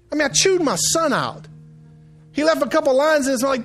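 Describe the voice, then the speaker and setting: A middle-aged man preaching a sermon, telling stories that swing from quiet, hushed lines to loud shouted outbursts. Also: very high voice, very animated, a little fast, soft background music. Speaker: pastor.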